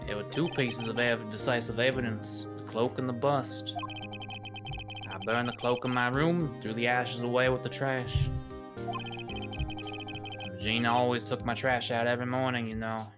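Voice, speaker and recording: A woman voicing a big, calm male acrobat in a wheelchair, reading game dialogue in a measured, courteous, resigned way. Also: a bass voice, voice pushed down. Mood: composed. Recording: game music playing behind.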